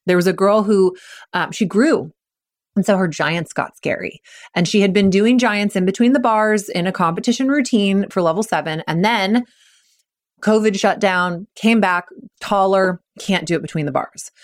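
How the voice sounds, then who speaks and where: In a solo podcast, a woman who works as a mental performance coach explains things energetically, acting out kids' and coaches' voices in quick quoted asides. Her voice sits in the mid range.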